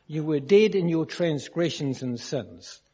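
A man's voice: a little high, animated, measured pace, warm tone, breathy edge. A man preaching a sermon, explaining a verse and telling stories to illustrate it. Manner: storytelling, questions the congregation. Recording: dull lo-fi recording in a reverberant hall.

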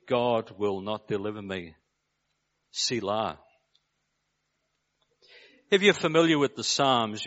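A preacher from Liverpool with a Scouse accent, giving a measured sermon and putting rhetorical questions to his listeners. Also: medium pitch, fairly bright tone, muffled recording. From Liverpool, England.

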